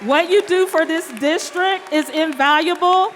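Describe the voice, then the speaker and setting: Woman, assembly announcer reading names slowly; high, bright voice, reverberant hall sound. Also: a faint crowd, a little hiss or hum. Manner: reads names slowly and calls winners up. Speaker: awards announcer. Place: large school hall or auditorium. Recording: reverberant hall, faint ambience.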